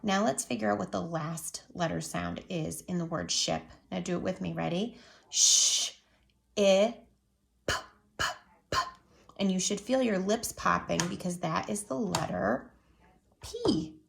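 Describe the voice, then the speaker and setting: A woman with a fairly low, creaky voice teaches young children a phonics lesson in an echoey room. She sounds out each word slowly and patiently, drawing it out.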